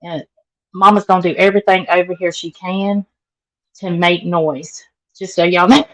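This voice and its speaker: A woman's voice: fairly low pitch, fairly even intonation, normal speed, fairly bright tone, poor audio. A middle-aged woman with a Southern accent, chatting casually with live viewers and greeting them by name. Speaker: vlogger.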